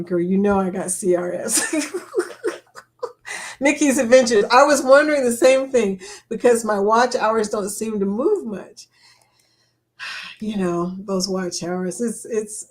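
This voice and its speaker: A woman's voice: mid-range voice, darkish tone. A woman hosting a casual live chat, reading viewer comments aloud and laughing often. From England. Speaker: livestream host.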